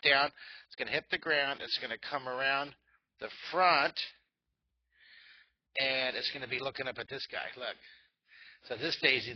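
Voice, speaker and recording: A middle-aged man leading a drawing lesson for children, thinking aloud and cheering on his young viewers. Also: mid-range voice. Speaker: drawing teacher. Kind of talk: live drawing lesson for kids. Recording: dull lo-fi sound.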